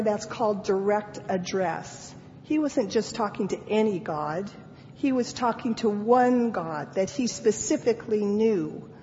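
A woman preaching at an unhurried, measured pace, her voice carrying a long reverb through a hall. The audio is dull and lo-fi, with a faint hiss underneath. She reads the scripture passages with earnest feeling and lets pauses sit. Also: medium pitch, warm tone. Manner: slow, deliberate delivery. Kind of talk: sermon.

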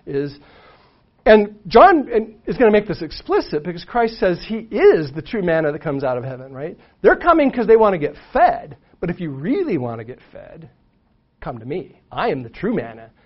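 High, animated male Bible teacher. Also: moderate pace. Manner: animated, frequent "right?" asides, restarts. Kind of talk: conversational Bible lesson. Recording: muffled lo-fi recording.

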